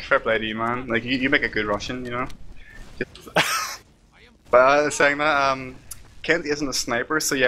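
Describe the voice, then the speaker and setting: A man breaking down a live esports match at a rapid clip, peppering his analysis with "like" and "kinda". His tone is bright and crisp, with a faint hiss behind him. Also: medium pitch. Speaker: esports caster.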